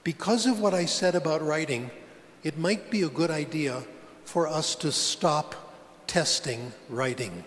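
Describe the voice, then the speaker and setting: A man's voice: fairly high pitch, measured pace. An older man giving a conference lecture to language teachers, plain and conversational with pointed asides. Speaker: conference plenary speaker. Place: large conference hall. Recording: long hall reverb, faint background noise.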